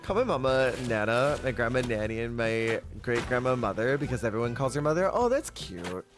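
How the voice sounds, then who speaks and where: A man's voice: medium pitch, animated, a little fast. A man streaming a cozy game, chatting casually, answering his chat and laughing often. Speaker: Twitch streamer. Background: game music.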